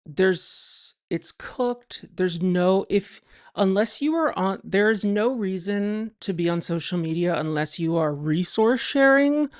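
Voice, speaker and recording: A podcast guest speaks in a casual interview at an ordinary middle pitch. The talk comes out in halting starts and restarts. The humor is dry and deadpan. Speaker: podcast guest, writer and psychotherapist.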